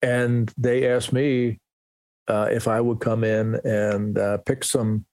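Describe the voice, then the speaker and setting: A man's voice: medium pitch, flat delivery, takes it slowly, a little mellow, dry recording. A man in his sixties, a musician guest telling stories in a rambling, self-deprecating way. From New Jersey, US. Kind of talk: casual storytelling interview.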